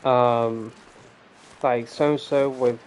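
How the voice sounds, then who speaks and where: A man's voice: medium pitch, steady tone, extremely slow, a little hiss or hum. A man hosting casual gameplay commentary, rambling and ranting and swearing freely. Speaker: gaming channel host.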